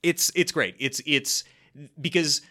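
A man chatting casually as a podcast co-host, recapping a sitcom with animated acting-out of lines and frequent restarts. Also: takes it slowly. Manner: animated, acts out quoted lines with big pitch jumps; frequent restarts and repeated words.

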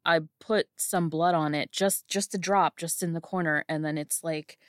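A woman playing a tabletop game, describing her actions with halting phrasing and fillers. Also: low voice, steady tone, no echo, clean studio sound. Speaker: player. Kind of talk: casual in-character play.

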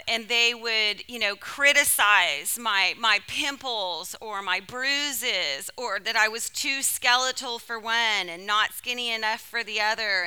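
A woman from California delivering a sermon by telling a personal story in an animated, emotional way. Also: on the high side, clear, resonant tone. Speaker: speaker.

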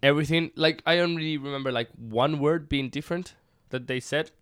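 A man's voice: fairly high pitch, fairly quick, clear, resonant tone. Spanish man with a mixed accent. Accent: Spanish mixed with British and American. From Spain. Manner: rambling, animated, laughs often. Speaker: professional wrestler. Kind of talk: casual chat.

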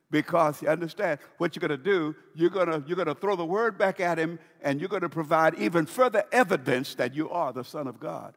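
A man's voice: fairly high pitch, brisk, hardly any pauses, big-room sound. A man pastor preaching a sermon with emphasis, repeating key phrases and putting questions to his congregation.

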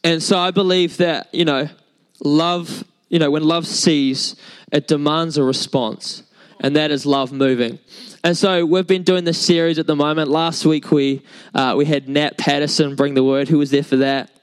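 A man's voice: on the high side, little pitch movement, normal speed, clean tone, low-quality recording. A young man, preaching a sermon in a casual, chatty storytelling way with many fillers. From New Zealand. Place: church service.

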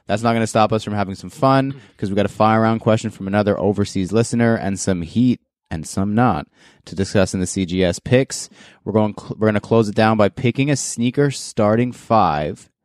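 A man's voice: fairly low pitch, fairly quick, no echo, studio quality. A man hosting a casual podcast, loose and joking, laughing often as he runs the show. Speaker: podcast host.

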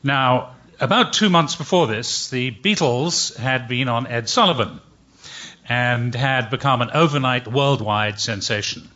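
Man from England, live storyteller, bright voice, halting delivery, muffled recording. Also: medium pitch. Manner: chatty, hesitant with many ums.

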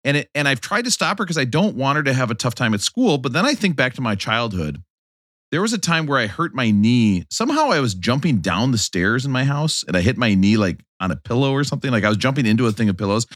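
A man's voice: mid-range voice, big pitch swings, fast, a bit bright, dry recording, studio quality. A man in his thirties, co-hosting a casual podcast chat and telling jokey stories with animation. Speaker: podcast co-host.

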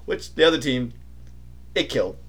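A young adult man telling stories in casual podcast chat, animated and imitating other people's voices. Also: mid-range voice, normal speed, breathy edge. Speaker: podcast co-host.

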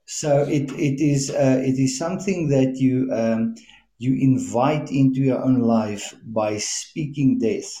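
A man with a warm, mellow voice teaches on a faith podcast, moving between plain explanation and stories from his own life. He hesitates often and fills the gaps with "uh" and "um". The sound carries a noticeable echo from the room. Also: mid-range voice. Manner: halting, many fillers and restarts, retells stories with quoted speech. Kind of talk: conversational teaching with storytelling.

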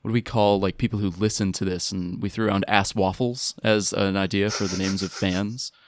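A man's voice: lowish voice, fairly even intonation, fairly quick, no echo, clean studio sound. A man guesting on a podcast in casual chat, joking and rambling.

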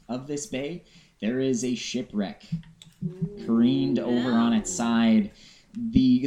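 A man narrating a tabletop game as game master, describing scenes with halting fillers. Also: on the low side, mellow. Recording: echoey room with faint noise.

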